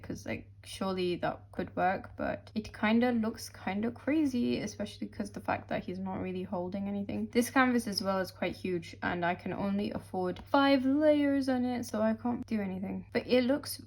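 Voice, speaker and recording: A woman's voice: on the high side, steady tone, normal speed, vocal fry. A young woman talks through her drawing work in a loose, rambling vlog voice. She is playful, full of silly slang and offhand asides. She sounds a little tired and out of breath. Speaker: webcomic artist. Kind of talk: casual studio vlog.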